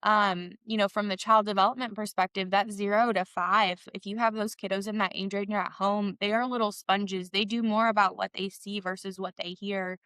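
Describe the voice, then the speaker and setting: Chatty woman podcast host, smooth clear voice, dry sound. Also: medium pitch, fairly even intonation, moderate pace, few pauses, fairly bright tone, no echo. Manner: upbeat, chatty storyteller. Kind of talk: interview conversation.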